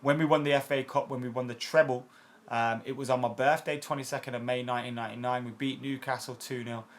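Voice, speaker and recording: This football fan channel host, a man in his late twenties, talks fast with a medium pitch and fairly flat intonation. Answering viewer comments casually, he's blunt and talkative, leaning on fillers and occasional profanity.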